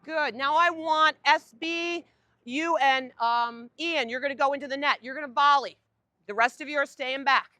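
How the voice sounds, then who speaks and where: Energetic woman coaching tennis. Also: high voice, moderate pace, no room sound. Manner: energetic, directive, asks the group questions. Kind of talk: on-court coaching demonstration. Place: outdoor tennis court.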